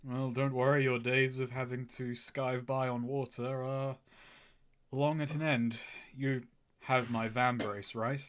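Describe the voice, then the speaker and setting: A man speaking as a player in a tabletop game, measured and politely formal in character. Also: mid-range voice, level tone, clear, resonant tone. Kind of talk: in-character tabletop role-play.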